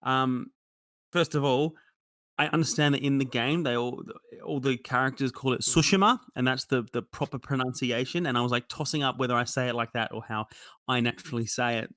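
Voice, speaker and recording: A man's voice: mid-range voice, fairly even intonation, fairly quick, fairly bright tone, no room sound. Dry-sounding rambling man. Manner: rambling, self-mocking, lots of ums and restarts. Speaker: podcast co-host. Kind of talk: casual chat about games.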